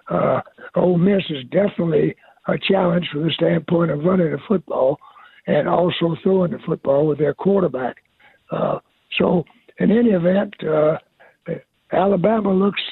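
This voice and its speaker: A man, a football coach, calling in to a sports radio show and talking with halting pauses. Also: sits high, creaky, husky, no echo. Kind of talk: phone-in sports interview. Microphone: telephone. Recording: dry tinny phone line.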